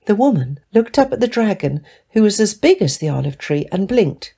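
A woman reading a children's fantasy story aloud in a gentle, clear storybook narration. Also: mid-range voice, sing-song, moderate pace, hardly any pauses. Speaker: story reader.

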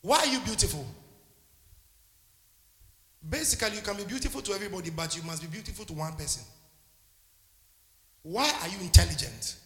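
A man's voice: sits high, a bit bright, roomy sound, in a large hall. A man preaching a sermon as a pastor, impassioned and calling out to his congregation.

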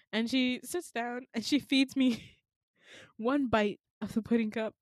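A woman's voice: fairly high pitch, measured pace, no room sound, clean studio sound. A woman co-hosting a podcast, telling a dream in casual chat, acting out the lines of people in it with swearing and laughter. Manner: animated, acts out quotes with swearing and laughs.

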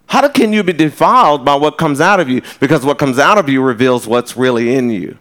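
A man preaching a sermon in a conversational, storytelling way, with quick asides. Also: mid-range voice, expressive, fairly bright tone. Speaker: pastor. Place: church.

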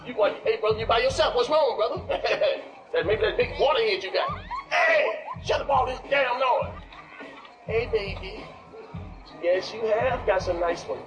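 An actor playing a cranky, loud father who hollers and cackles at noisy party kids, heard in a dull film clip with music behind. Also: very high-pitched, lively intonation, normal speed, some chatter behind. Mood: mocking. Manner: hollering, blustery, cursing, cackling. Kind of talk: comedy film acting.

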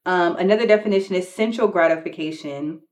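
A woman's voice: on the low side, fairly quick, a little mellow. A young adult woman co-hosting a podcast in frank, casual chat, speaking literally and calling listeners "y'all". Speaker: podcast co-host with her husband.

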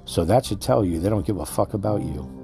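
A man's voice: sits low, brisk, mellow, faint music behind. A man hosting a podcast, delivering an angry, swear-filled rant that lectures his listeners. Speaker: podcast host.

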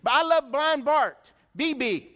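Male pastor, high voice, emphatic sermon delivery with rhetorical questions, long sanctuary reverb. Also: lively intonation, measured pace, a bit bright. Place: church sanctuary. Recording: long reverb in a church hall.

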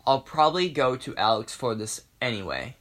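A man's voice: medium pitch, very animated, normal speed, fairly bright tone. A young man hosting a podcast alone, rambling casually, swearing and poking fun at himself. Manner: rambling, self-mocking, profane. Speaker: podcast host. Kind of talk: casual solo monologue.

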